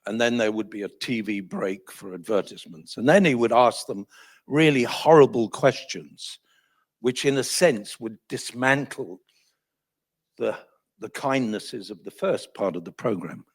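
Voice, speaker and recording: Older male storyteller, husky and animated, self-deprecating. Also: medium pitch, a little slow. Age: 70s. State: voice failing, coughing. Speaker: guest speaker. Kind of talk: anecdotal storytelling at a talk.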